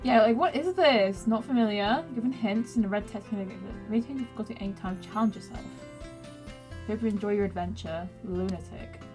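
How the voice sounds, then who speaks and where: A woman's voice: medium pitch, a little fast, music in the background. A young woman streamer chatting casually while playing a story game, giggling often and teasing herself as she reads game text aloud. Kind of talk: casual gaming commentary.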